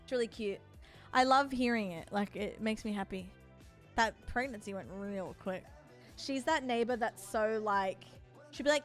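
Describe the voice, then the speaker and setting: A woman's voice: a little high, normal speed, faint music behind. A young woman, chatting casually and rambling with her stream viewers from home. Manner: rambling, chatty, laughs often.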